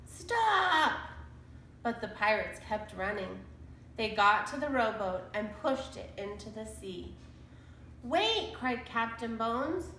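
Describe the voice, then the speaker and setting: A woman reading a children's chapter book aloud in a slow, deliberate storytelling manner. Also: mid-range voice, sharp tone, reverberant, a little hiss or hum, rough recording. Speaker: storybook reader.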